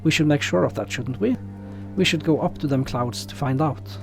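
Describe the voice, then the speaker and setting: A man's voice: a little high, moderate pace, vocal fry, faint music behind. A man reading the lines of a stubborn rural man in a game letter, folksy and plain-spoken. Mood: insistent.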